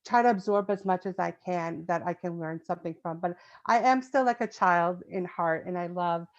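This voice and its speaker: A woman's voice: on the low side, moderate pace. A woman guest, a children's book author, talking casually in an interview with many fillers and frequent laughs. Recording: dull lo-fi sound.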